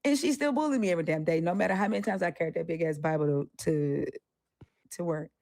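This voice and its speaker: Woman co-host, lowish voice, dry sound; candid, profane, mimics others mid-story. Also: quick pace, a little mellow, no echo. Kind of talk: casual discussion.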